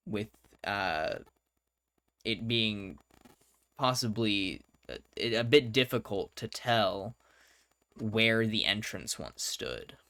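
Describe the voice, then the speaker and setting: A man running a tabletop game as game master, narrating in halting bursts as he searches for words. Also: lowish voice, pushed and bright, clean tone, no echo.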